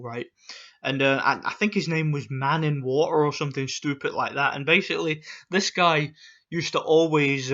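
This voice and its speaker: A man's voice: mid-range voice, pushed and bright, lo-fi sound. A man ranting casually on his vlog, swearing often and stumbling over repeated words. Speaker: boxing YouTuber.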